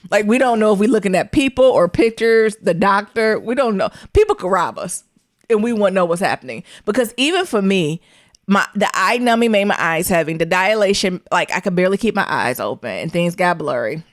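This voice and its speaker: Woman, podcast co-host, casual chat, animated, comic storytelling. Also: medium pitch, fairly quick, dry recording, studio quality.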